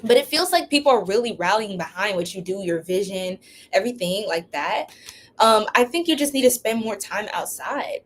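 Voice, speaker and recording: A woman's voice: mid-range voice, lively intonation, moderate pace, a little hiss or hum. A woman giving a casual, playful live-streamed tarot reading, using slang and laughing often. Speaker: tarot reader.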